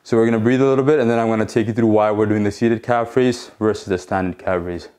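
A man's voice: lowish voice, fairly even intonation, quick pace, a little mellow, clear, resonant tone. A man coaching a home workout, counting reps aloud and explaining the muscles plainly, now and then out of breath. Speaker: fitness coach.

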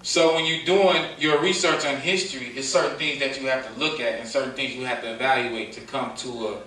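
Bright-voiced man lecturing a crowd. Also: medium pitch, steady tone, brisk. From Detroit, USA. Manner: preachy call-and-response, questions the crowd, playful. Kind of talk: live lecture to an audience. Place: room with a live audience. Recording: echoey room, distant mic, faint noise.

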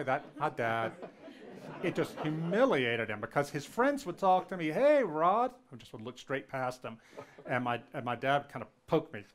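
Storytelling Southern-raised man lecturing. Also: medium pitch. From Louisiana, US South. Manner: anecdotal, animated when quoting, frequent ums and restarts.

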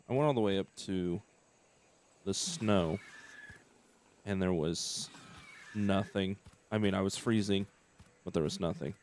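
A young man with a lowish voice talks his way through a game at a slow, easy pace, filling gaps with hesitant ums as he thinks aloud. It is casual let's-play commentary from a regular channel host. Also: a little mellow, a little hiss or hum. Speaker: gameplay commentator.

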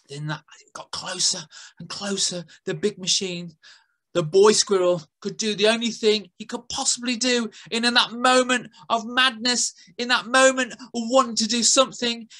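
A woman's voice: mid-range voice, a bit bright. A woman telling a playful story to children at a school assembly, adding sound effects.

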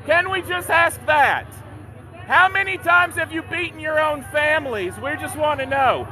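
Man, very high voice, shouting, heckling taunts, sarcastic, outdoor street protest, phone recording, loud crowd behind. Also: normal speed. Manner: heckling, repetitive, sarcastic jeers. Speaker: activist filming a street confrontation. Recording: street crowd noise around.

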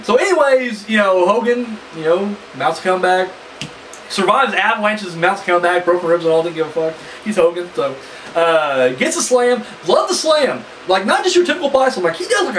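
A man's voice: high voice, distant mic, slight background noise, poor audio. A man giving a casual, rambling spoken review of a wrestling match, swearing freely and piling up fillers. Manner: animated, profane and rambling, full of fillers.

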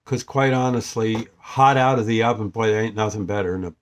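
Rambling folksy older man. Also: fairly low pitch. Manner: rambling, folksy, halting with many restarts. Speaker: vlogger. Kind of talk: casual product review.

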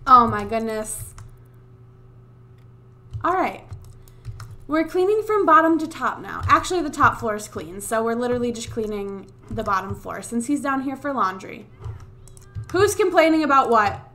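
A woman's voice: fairly high pitch, animated, moderate pace, pauses often, pushed and bright. A woman doing casual gameplay commentary on a USB desk mic, exasperated, swearing and scolding the characters on screen. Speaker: Let's Play gamer.

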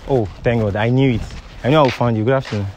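Nigerian man, prank host, apologetic, pleading, street noise behind, mid-pitched voice. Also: racing, dull audio. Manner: pleading, keeps saying sorry and calm down.

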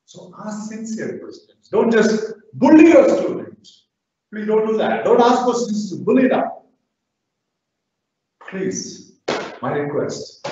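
A man giving a lively, exhorting lecture to teachers as a professor. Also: high-pitched. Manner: lively, exhorting, acts out quick asides. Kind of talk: animated lecture. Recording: echoey hall, far from mic, dull sound.

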